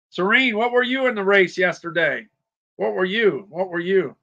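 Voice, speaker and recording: A man's voice: sits high, lively intonation, unhurried, long pauses, pushed and bright, lo-fi sound. A man hosting a casual livestream, rambling, repeating himself and greeting viewers by name. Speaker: livestream shopping host.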